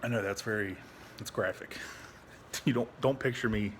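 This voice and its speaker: A man's voice: on the low side, slight background noise. Frustrated young man rambling into his phone. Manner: frustrated, rambling, heavy swearing; halting, restarts often. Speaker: veteran vlogger. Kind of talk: candid personal vlog. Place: at home.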